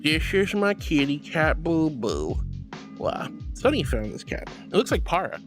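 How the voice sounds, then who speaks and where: A woman's voice: sits low, big pitch swings, normal speed. A woman livestreaming who reads chat messages aloud and answers them in a bubbly, gushing, affectionate way, with squeals and baby talk. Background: faint music.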